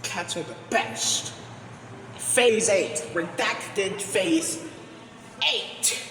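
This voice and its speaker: A man voicing a foul-mouthed, angry male house cat in amateur comedic voice acting, ranting and shouting with constant swearing. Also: sits high, drawn-out words, crowd noise. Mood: furious ranting. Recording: echoey room with long reverb.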